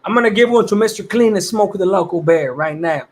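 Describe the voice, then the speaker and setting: A man with a fairly high voice chats on a casual livestream. He talks in loose, laid-back slang, swears freely and greets viewers one by one. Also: fairly quick. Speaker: livestream host.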